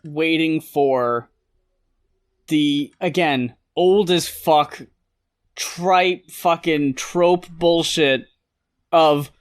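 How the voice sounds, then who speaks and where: A podcast co-host of middling pitch talking in a dry, sarcastic tone. The delivery is casual and full of swearing. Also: very slow, long pauses. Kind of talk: casual chat.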